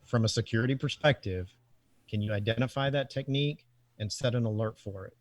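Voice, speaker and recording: A man hosts a podcast interview, pressing his guest and rewording each question until it lands. His pitch sits in an ordinary middle range, and the recording is dry and close. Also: brisk, dry recording. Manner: probing, restates his questions. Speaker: podcast host.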